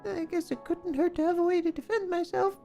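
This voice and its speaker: A woman voicing a small, jittery young male crab in a game, reading its lines aloud in a squeaky, frantic, comic voice. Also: steady tone, fairly quick, creaky, dark tone, faint music behind. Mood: wry.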